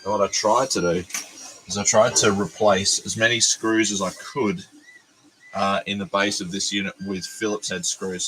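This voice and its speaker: An Australian man, a teacher, chatting casually on a livestream from his workbench, hoarse and sick with a cold, rambling and self-deprecating. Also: low-pitched, background noise.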